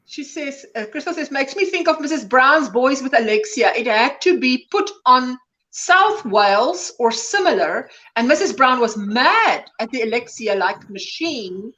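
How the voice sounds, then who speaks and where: A woman's voice: sits high, lively intonation, measured pace, bright, forceful tone, rough recording. A woman hosting a livestream chat, reading viewer comments aloud and reacting to them. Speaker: livestream host.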